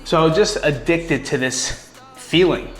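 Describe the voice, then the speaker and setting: A young man with a fairly high voice talks casually and earnestly to his viewers. He speaks candidly and encouragingly, and his voice rings around an echoey room. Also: a little slow, soft background music. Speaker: video host. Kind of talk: casual direct-to-camera talk.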